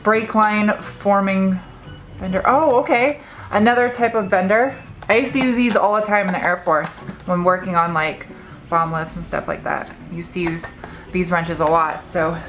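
A chatty young woman in a mid-range voice hosts a casual car vlog, rambling easily between thoughts. She gets giddy and excitable as she opens packages. Background music plays clearly behind her. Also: medium pitch, normal speed. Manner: chatty, excitable when unboxing gifts. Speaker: car vlogger and host.

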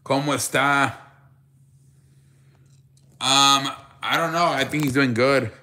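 A man hosts a loose live sports stream, greeting viewers by name and reading their chat aloud. His voice is bright and forward, sitting at an everyday middle pitch, and he keeps repeating "I beg your pardon" as a running joke. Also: normal speed.

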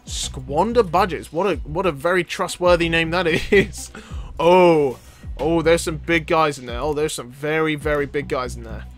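A man commentating on a strategy game, playful and excitable, laughing often and talking to the characters. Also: a little high, normal speed, faint music behind. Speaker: gameplay video host. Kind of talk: casual let's-play commentary.

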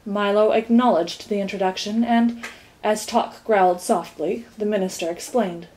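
A woman narrating a children's storybook in a lively, expressive way. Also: medium pitch, normal speed, rough recording. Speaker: reader.

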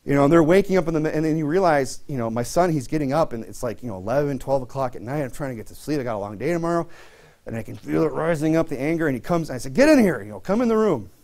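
A man's voice: on the high side, rapid-fire, a little mellow. A man in his thirties preaching a sermon in a casual, conversational way, full of fillers and restarts. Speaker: pastor.

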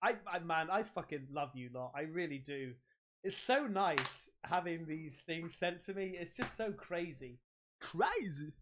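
An excitable man chatting casually while he opens fan mail on stream. His pitch leaps up and down, he swears freely and he laughs a lot. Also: unhurried. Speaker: streamer host.

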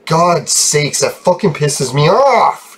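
A man's voice: a little high, very animated, slow, fairly bright tone, breathy edge. A young man giving profane, frustrated commentary over his gameplay, breaking into laughs. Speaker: game video creator.

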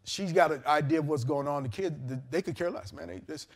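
A man preaching, his voice sitting high for a man. He tells his story with animated character voices, breaking into laughter as he goes. It sounds like a live sermon delivered on a mic. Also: fairly quick, hardly any pauses. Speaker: pastor. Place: church service in a hotel venue. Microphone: handheld or lapel mic.

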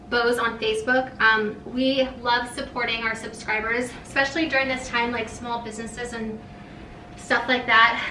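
A young woman vlogging casually as she opens fan mail, gushing and excitable. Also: a little high, a little hiss or hum. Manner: gushing, excitable, says "oh my god" often. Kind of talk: casual vlog chat, reading letters aloud. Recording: roomy, mic a little far off.

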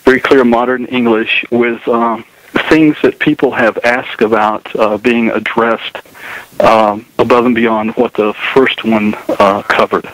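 A man with a Southern US accent, an author being interviewed on the radio, speaking slowly and pausing often on fillers. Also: medium pitch, fairly even intonation, fairly bright tone, no echo, poor audio. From Southern United States. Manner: hesitant, many fillers. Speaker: author and guest.

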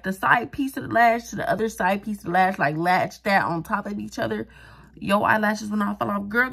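A woman's voice: medium pitch, husky. A young woman chatting casually through a beauty tutorial, joking and mocking herself as she talks straight to viewers. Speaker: vlogger doing a wig and lash tutorial.

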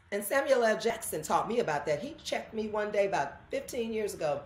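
A woman's voice: lowish voice, fast. A woman, chatting as an interview guest and acting out the people in her stories. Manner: animated storyteller, acts out quoted voices. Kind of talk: casual interview chat. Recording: echoey room.

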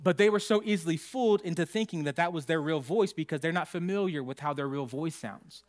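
A man preaching a sermon as pastor, telling stories with lively acted quotes to his congregation. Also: fairly high pitch, a little fast. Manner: animated storytelling with acted quotes. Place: church.

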